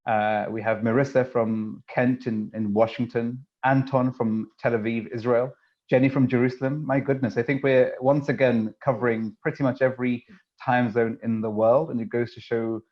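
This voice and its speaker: A man's voice: medium pitch, fairly even intonation, moderate pace, lo-fi sound. A man hosting an online webinar, greeting attendees in a chatty way with many fillers and restarts. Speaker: webinar host. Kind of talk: casual live webinar hosting. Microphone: video call.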